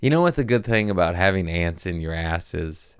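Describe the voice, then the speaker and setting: Hoarse low-voiced man telling stories. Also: expressive, fairly quick, no room sound, studio quality. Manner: laughing through pain, sore and winded. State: hoarse from screaming. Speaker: podcast host. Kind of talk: casual comedic storytelling.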